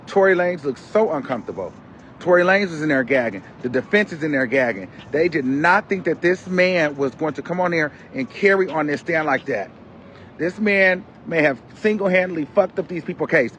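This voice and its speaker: Animated man dishing courtroom gossip. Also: on the high side, normal speed, slight background noise. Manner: animated, dramatic retelling with exclamations. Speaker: commentary host. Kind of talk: casual gossip commentary.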